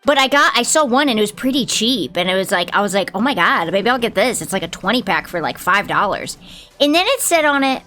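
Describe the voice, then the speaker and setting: A woman's voice: medium pitch, very animated, a little fast, bright, forceful tone, faint music behind. A woman livestreamer chatting casually with her viewers, telling stories and swearing freely.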